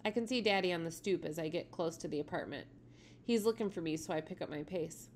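A woman with a lowish voice reads a children's novel aloud to her students. Her delivery is steady and plain, a teacher's storytelling, with a little faint noise underneath. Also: fast talker.

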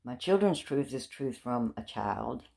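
Low, gravelly-voiced woman. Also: animated, measured pace, mellow. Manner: rambling and chatty, with repeated words and self-mocking laughs. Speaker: vlogger. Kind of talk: casual talk to camera. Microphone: handheld phone.

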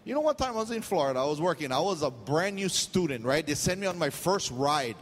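A man's voice: fairly high pitch, big pitch swings, quick pace, long reverb tail. A middle-aged man from Hawaii with a Hawaiian accent, preaching a sermon, telling stories with jokes and slipping into pidgin. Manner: storytelling, jokey, loose pidgin asides. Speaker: pastor.

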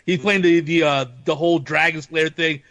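High-pitched guy in a casual podcast chat, laughs a lot, dry close sound. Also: moderate pace, no room sound. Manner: animated, laughing often, breaks into playful quoted voices. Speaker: podcast guest.

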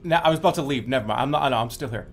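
A man's voice: mid-range voice, very fast, creaky, a little hiss or hum. Flustered, ranting male streamer. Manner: flustered, agitated rambling with profanity. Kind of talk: live-stream chat.

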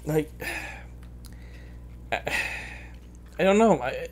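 A woman's voice: sits low, lively intonation, extremely slow, darkish tone, a little hiss or hum. A young woman giving let's play commentary, muttering to herself and cursing in frustration at a puzzle. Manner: exasperated, swearing, muttering to herself. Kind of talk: video game commentary. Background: faint game music.

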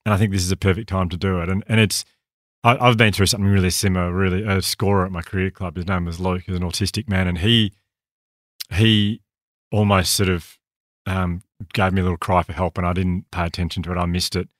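Fast-talking deep Australian man. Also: fairly even intonation, no echo, clean studio sound. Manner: earnest, talks quickly with restarts. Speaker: podcast co-host. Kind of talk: candid conversational storytelling.

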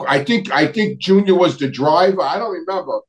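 A middle-aged man tells long stories in a loose, rambling way. He keeps restarting his sentences, trails off, and pauses to dig for names. His speaking voice sits a little on the high side. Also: lively intonation, low-quality recording. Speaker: guest recounting family history. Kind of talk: casual storytelling conversation.

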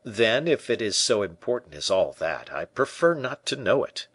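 A man's voice: on the low side, big pitch swings, moderate pace, a bit bright, slightly rough, no echo, full character voice. A man voicing a shrewd, witty musketeer who speaks in a wry, inquiring way.

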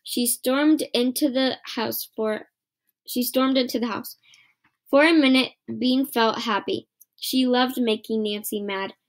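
Storybook reader, woman, high-pitched, steady read-aloud. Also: a little slow. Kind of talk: reading a children's book aloud.

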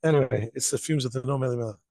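A man's voice: medium pitch, very fast, no echo, low-quality recording. A man from Jerusalem telling a story live as a rabbi, acting out the voices of the people in it. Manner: animated, acts out voices in stories.

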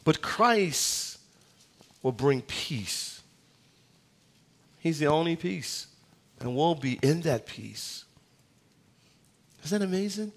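A man preaching a sermon as a guest pastor, telling lively stories and slowing down hard on key phrases. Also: a little high. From United States. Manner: animated storytelling, acts out voices in anecdotes.

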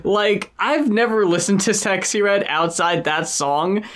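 A podcast co-host talks through rap news in an easygoing chat. The delivery is dry and sarcastic, with plenty of swearing. The voice sits at a mid pitch. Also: a little slow, fairly bright tone. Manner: dry, sarcastic, profane storytelling. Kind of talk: casual chat.

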